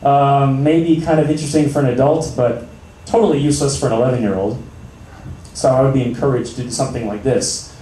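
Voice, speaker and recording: A young man doing a stand-up comedy set in a small cafe, with a deadpan, dry delivery broken by sudden loud outbursts. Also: medium pitch, a little fast, a little hiss or hum. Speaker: stand-up comic. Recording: roomy, distant amateur recording.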